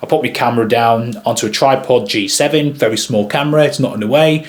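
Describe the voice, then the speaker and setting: A man who works as a wedding videographer, telling a story to camera in a chatty, rambling way with frequent pauses. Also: medium pitch.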